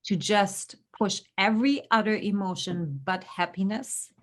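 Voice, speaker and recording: A woman's voice: mid-range voice, unhurried. A middle-aged woman co-hosting a casual chat show, talking earnestly and pushing her voice up sharply when she stresses a point. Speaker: podcast co-host.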